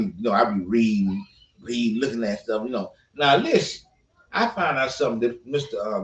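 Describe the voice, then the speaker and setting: Earnest man with a lively, preachy voice. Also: medium pitch. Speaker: podcast co-host. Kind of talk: casual opinion talk. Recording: roomy, distant, dull sound.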